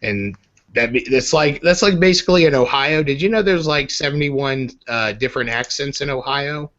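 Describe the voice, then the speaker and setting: A man's voice: medium pitch, normal speed, a bit bright. A man hosting a casual online group chat, rambling and joking with many fillers. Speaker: podcast host. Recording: slightly muffled with faint hiss.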